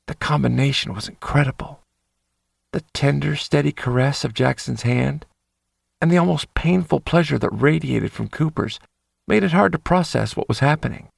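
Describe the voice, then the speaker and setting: A man's voice: a little high, moderate pace, creaky, no room sound, studio quality. A man narrating a first-person romance audiobook in an intimate inner-monologue manner.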